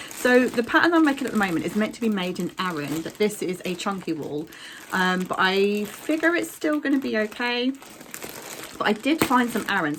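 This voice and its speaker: A woman's voice: mid-range voice, slight background noise. Casting: young woman, crafting vlogger, easygoing rambling chat full of fillers. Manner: chatty, rambling with many ums and likes. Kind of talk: casual chat.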